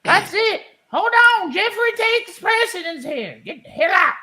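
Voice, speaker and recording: A man's voice: very high-pitched, sing-song, unhurried, pushed and bright, voice pushed up, heavily acted. A man playing a hollering Southern barbecue lady. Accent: put-on Southern US. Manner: hollering, drawling, exclaiming. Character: loud sassy Southern woman cooking barbecue.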